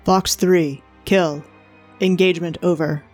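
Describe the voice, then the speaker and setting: A woman voicing a proud, wounded male duelist pilot who speaks in a low, haughty tone. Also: steady tone, slow, a little mellow, slightly rough, faint music behind. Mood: cold, haughty.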